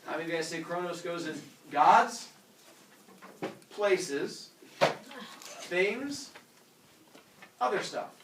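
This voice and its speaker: A man teaches a classroom lesson in an animated way, joking and acting out voices as he explains. His voice is a little high, and the roomy classroom audio, captured from far off, has a little hiss or hum.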